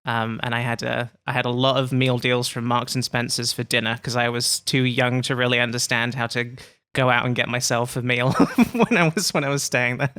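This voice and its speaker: A man's voice: medium pitch, steady tone, moderate pace, few pauses, bright, forceful tone, clean tone, dry recording. A man hosting a podcast, chatting casually and telling playful anecdotes. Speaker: podcast host. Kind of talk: casual chat.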